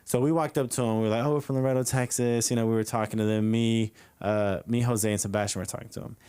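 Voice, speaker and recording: A man's voice: lowish voice, fairly even intonation, fast talker, darkish tone, smooth. Young man, stand-up comic, rambling story, lots of fillers, laughs at himself, comedy club open mic.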